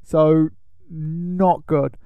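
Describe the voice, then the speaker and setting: Gravelly man recapping the plot. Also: on the high side, level tone, extremely slow, dry recording, highs cut off. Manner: laughs often, explains plot patiently. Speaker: podcast co-host. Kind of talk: casual chat.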